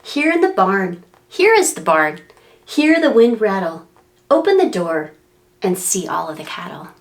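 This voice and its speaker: Unhurried and mid-range in pitch, a children's librarian animates a picture book for preschoolers. Her sing-song reading is dotted with animal calls and whooshing wind sounds.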